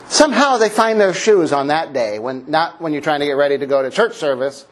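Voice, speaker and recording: A man, a father of four, preaching a lively sermon with a playful, joking storytelling manner. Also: on the high side, moderate pace. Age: adult parent. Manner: playful, jokey storytelling with laughs. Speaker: pastor. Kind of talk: sermon object lesson.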